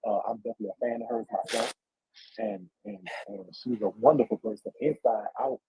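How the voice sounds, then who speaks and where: A man's voice: medium pitch, sing-song, a little fast, gravelly, dark tone, slight background noise, rough recording. A man hosting a casual livestream interview, speaking hesitantly with many fillers and encouraging his guest.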